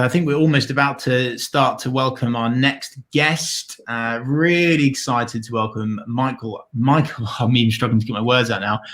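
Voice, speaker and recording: A man's voice: medium pitch, fairly bright tone. A man co-hosting a charity livestream, tired with his voice going, upbeat and stumbling over his words. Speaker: livestream co-host. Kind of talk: casual charity livestream chat.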